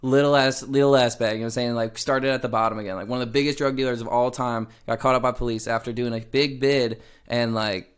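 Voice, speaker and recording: A man's voice: medium pitch, fast, hardly any pauses, smooth. A young man co-hosting a podcast in casual chat, telling stories with a laugh and acting out what others say. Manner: laughing, animated storyteller who acts out quoted voices. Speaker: podcast co-host.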